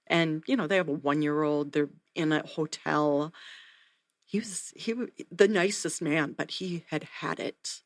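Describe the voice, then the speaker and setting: A woman, a neonatal nurse practitioner, telling a story in an interview, earnest and animated. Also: deep voice, unhurried, dry recording, studio quality. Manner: earnest, animated retelling with acted quotes.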